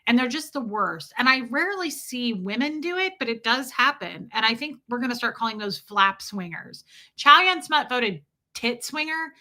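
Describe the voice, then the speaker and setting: A woman hosting a casual livestream, reading out viewer comments and telling stories in a profane, animated way. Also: fairly high pitch, normal speed. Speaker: livestream host.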